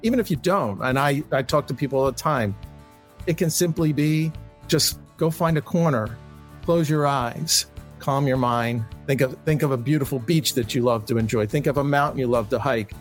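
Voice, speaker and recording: Male guest clip: calm, conversational, mid-pitched. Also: moderate pace, faint music behind. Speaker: interviewee clip. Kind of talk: recorded personal account.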